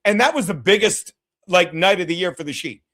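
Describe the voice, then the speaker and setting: A man's voice: sits high, lively intonation, brisk, fairly bright tone. A man hosting a podcast, chatting casually and bluntly, rambling and swearing often. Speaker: podcast host. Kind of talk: casual, profane chat.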